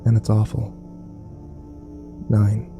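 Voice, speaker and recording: A man narrating dark horror stories in a slow, grim, scripted manner that climbs to frantic shouting in the tense scenes. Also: fairly low pitch, monotone, music in the background, rough recording.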